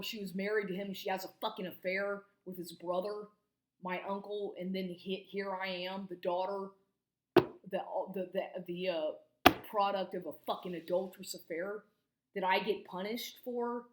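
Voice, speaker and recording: Agitated woman in her forties, echoey room. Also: medium pitch. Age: 40s. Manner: agitated, profane, stumbling restarts. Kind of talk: angry monologue to camera.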